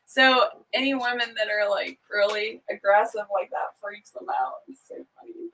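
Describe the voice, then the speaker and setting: A woman runs a relaxed morning livestream at home on her small farm, speaking at a moderate pace in a medium-pitched, fairly bright voice. She laughs a lot, chats comfortably and welcomes viewers by name. The poor audio has her distant from the mic, with a little hiss or hum.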